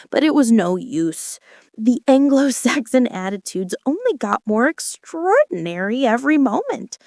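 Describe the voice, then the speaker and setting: A woman reading a children's book aloud as a gentle bedtime story, voicing the characters. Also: no room sound, clean studio sound. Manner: gentle, acts out voices with wide pitch swings. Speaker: narrator.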